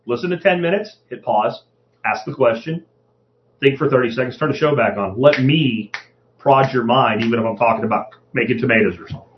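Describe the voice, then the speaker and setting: A man's voice: medium pitch, brisk, slight background noise. A middle-aged man hosting his podcast in a casual, profane monologue, often acting out the voices of people he quotes. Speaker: podcast host. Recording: dull lo-fi podcast audio.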